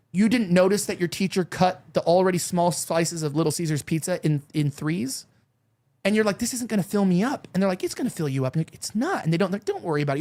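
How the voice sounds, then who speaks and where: A man's voice: sits high, a little mellow. A man in his thirties hosting a talk show, chatting candidly and rambling with lots of fillers and restarts. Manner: candid, confiding tone. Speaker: show host. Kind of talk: casual chat.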